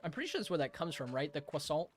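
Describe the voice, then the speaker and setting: A man's voice: fairly high pitch, huge pitch swings, very fast, a little hiss or hum. A young man streaming a game, chatting casually with his live chat, playful, rambling and laughing often.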